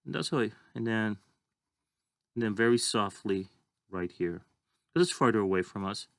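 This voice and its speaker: A man's voice: on the low side, lively intonation, moderate pace, fairly bright tone, dry recording, studio quality. A man teaching a drawing lesson, talking casually and thinking aloud as he draws. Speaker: art teacher.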